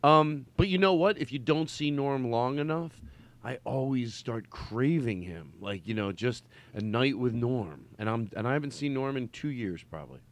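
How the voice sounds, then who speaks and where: A man hosting a podcast in a relaxed conversation. He rambles and jokes, cutting in with quick asides. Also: mid-range voice, dry recording. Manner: chatty, joking, rambling. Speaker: podcast host. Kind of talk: casual chat.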